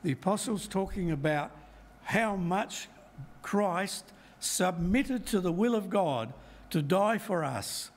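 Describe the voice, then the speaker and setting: A middle-aged man giving a Bible talk to a congregation, measured and emphatic as he works through verses. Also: sits high, animated. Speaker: lay preacher.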